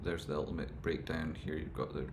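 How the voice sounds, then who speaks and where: A man rambling through casual stock market commentary, with animated, exasperated rants. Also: very deep voice, a little fast, echoey room, a little hiss or hum.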